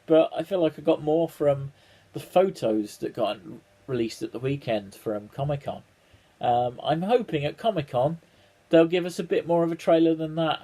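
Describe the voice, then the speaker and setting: A man's voice: a little high, dark tone. A man chatting casually to camera as a vlogger. He rambles wryly, with many ums, restarts and the odd swear word. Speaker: vlogger reacting to a trailer.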